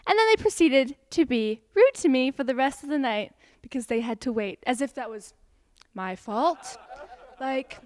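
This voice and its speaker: A young woman with a slightly high voice delivers a satirical TED-style talk. Her sarcastic, mock-dramatic tone keeps breaking into laughter. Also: expressive, moderate pace. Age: young adult. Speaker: student presenter.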